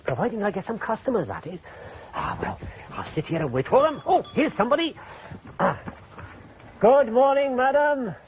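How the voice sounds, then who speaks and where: A stammering, flustered fox photographer. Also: male voice, very high-pitched, big pitch swings, normal speed, slight background noise, low-quality recording. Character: fussy anxious male fox photographer. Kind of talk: children's TV puppet play.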